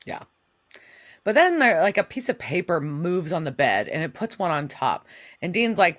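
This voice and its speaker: A woman's voice: sits low, big pitch swings, normal speed, no echo. A woman co-hosting a podcast, recapping an episode in casual chat, swearing and acting out the characters' lines. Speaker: podcast co-host. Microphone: remote recording setup.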